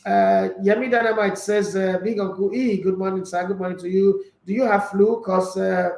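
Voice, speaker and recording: A man with a Nigerian English accent hosting a sports show, reading viewer comments aloud and answering them in a husky, tired voice. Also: high-pitched, fairly even intonation, moderate pace, a little mellow, echoey room, rough recording. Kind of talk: casual sports chat.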